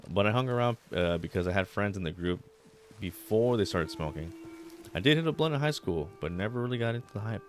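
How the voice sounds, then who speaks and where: A man's voice: fairly low pitch, lively intonation, fairly quick, slight background noise. A man in his thirties streaming a game, chatting casually in a rambling, laid-back way, swearing often and dropping in Spanish words. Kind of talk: casual chat while gaming.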